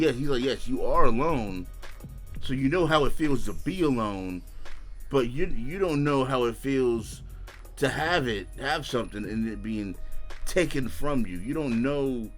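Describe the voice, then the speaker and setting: A young man hosting an anime reaction channel, ranting casually in profane slang and breaking into shouts and laughs. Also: mid-range voice, expressive, measured pace, soft background music. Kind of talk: casual reaction review rant.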